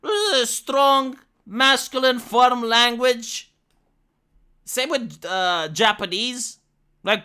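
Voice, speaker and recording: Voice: medium pitch, takes it slowly, pushed and bright, smooth. A live streamer from Romania with a Romanian accent, speaking English as a second language. They chat casually and profanely with viewers, rambling through fillers and restarts.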